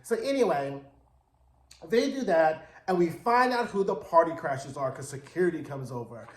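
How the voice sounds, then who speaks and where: A man's voice: fairly high pitch, expressive, normal speed, echoey room. A man giving a casual, slangy recap of a TV episode, telling it with sass and drama. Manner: sassy, slangy, dramatic storytelling. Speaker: TV recap reviewer.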